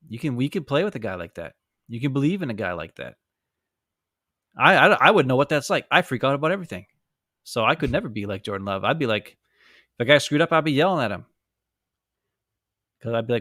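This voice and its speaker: Man, sports talk co-host, sarcastic, animated, bright tense voice, dry close sound. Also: medium pitch, fast talker, long pauses, no room sound. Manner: animated, sarcastic, mocks others in put-on quotes. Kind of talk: casual sports chat. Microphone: live stream mic.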